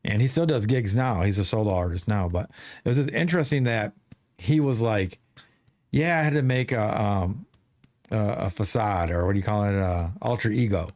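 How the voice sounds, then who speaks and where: A man's voice: lowish voice, normal speed, a little mellow. Rambling male podcast host. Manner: rambling storyteller with many restarts. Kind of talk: casual chat.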